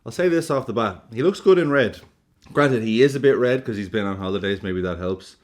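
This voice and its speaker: A man hosting a football reaction video, talking in an animated, jokey way and swearing freely. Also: fairly low pitch, a little fast. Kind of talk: casual reaction commentary.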